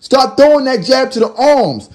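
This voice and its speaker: A man giving loud, animated, slangy commentary over fight highlights as the channel's host. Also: normal speed. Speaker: boxing commentator. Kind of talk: casual live fight commentary.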